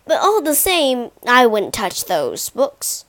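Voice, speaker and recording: Lady doing a nervous fussy prime minister guy, stammery explaining, slowish. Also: fairly high pitch, wildly swooping pitch, fairly bright tone, dry recording, exaggerated voice. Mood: hasty. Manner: hesitant, hasty explaining.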